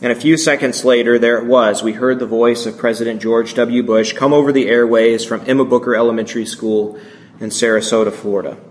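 A man in his thirties telling a story in a sermon, speaking in a slow, measured, hushed way with long pauses. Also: mid-range voice, steady tone. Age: 30s. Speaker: speaker addressing a congregation.

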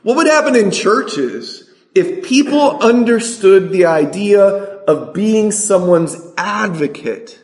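A man preaching a sermon, asking his congregation rhetorical questions and reading scripture aloud slowly. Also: sits high, animated, echoey room.

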